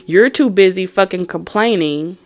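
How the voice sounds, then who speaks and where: A woman's voice: fairly low pitch, moderate pace. Blunt, profane woman tarot reader. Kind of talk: profane tarot reading rant.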